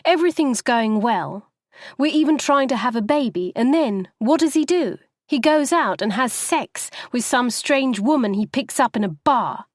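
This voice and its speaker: A woman voicing a furious young wife arguing in a taxi, her lines high and shrill. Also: lively intonation, no echo, clean studio sound. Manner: shrill, raging, rapid outbursts.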